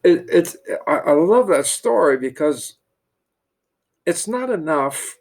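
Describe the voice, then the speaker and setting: A man's voice: a little high, lively intonation, slow pace, darkish tone. A middle-aged man, a priest, telling a parable and drawing a lesson from it, with many restarts and repeated words. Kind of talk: storytelling with a sermon-like lesson.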